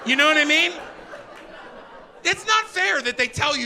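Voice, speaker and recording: A middle-aged male stand-up comedian, doing an energetic, profane, exasperated set on a live stage. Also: very high-pitched, moderate pace. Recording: live show with audience laughter.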